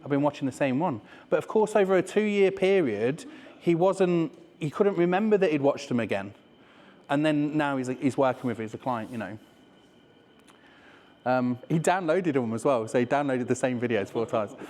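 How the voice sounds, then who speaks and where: An Englishman with a Leicester accent gives a casual business talk to a live audience in a large hall, swearing and chatting while tossing in "right?" again and again. His medium-pitched voice has lively intonation, a moderate pace, and a slightly mellow quality.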